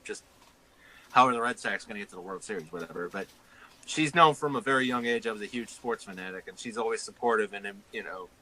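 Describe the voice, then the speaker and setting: A man's voice: fairly low pitch, fast, bright, forceful tone, a little hiss or hum, poor audio. A man in his thirties co-hosting a casual sports podcast, rambling and self-amused and laughing often. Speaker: co-host.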